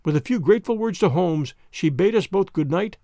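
A man narrating a classic story in a measured, expressive reading. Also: high voice, no echo, clean studio sound. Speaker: narrator of an audiobook.

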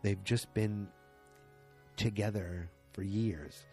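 A man casually retelling a TV episode, acting out the characters' lines in quick shifting voices with lots of fillers. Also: lowish voice, fairly even intonation, a little mellow, soft background music. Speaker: show recapper.

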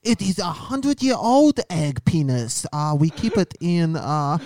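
A man's voice: on the high side, expressive, unhurried, darkish tone, dry recording. A man putting on a Chinese accent, playing an overly polite guest in a sing-song voice.

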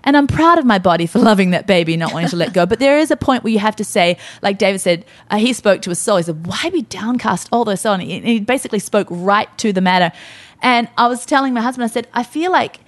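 A woman's voice: medium pitch, expressive, quick pace. A middle-aged woman co-hosting a faith-based podcast, talking earnestly and emotionally about grief and hope. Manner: earnest, emotional, quotes herself speaking to her body. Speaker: podcast co-host.

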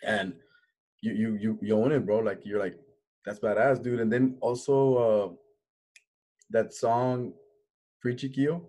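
A man's voice: lowish voice, steady tone, unhurried, pauses often, mellow. A man hosting a casual interview speaks. He agrees readily and adds short remarks. His delivery is conversational and easygoing. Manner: agreeable, chimes in with short affirmations. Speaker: interview host.

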